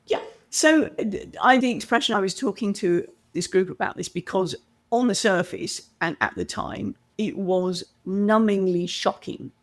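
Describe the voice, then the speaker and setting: A middle-aged British woman, a communication coach, tells stories during a podcast interview at a normal speed with a medium-pitched voice. She's an animated storyteller who acts out the voices of the people she quotes.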